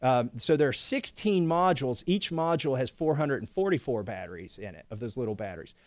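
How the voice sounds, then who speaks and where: Speaking a little fast in an animated, mid-range voice, a congressman on as a guest swaps stories in easygoing conversation and laughs frequently. There's no room sound in the recording.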